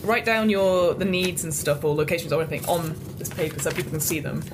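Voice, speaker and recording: A woman's voice: deep voice, fast talker, background noise. A woman walking her friends through setting up a tabletop role-playing game in casual chat, explaining with many restarts. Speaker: game organiser.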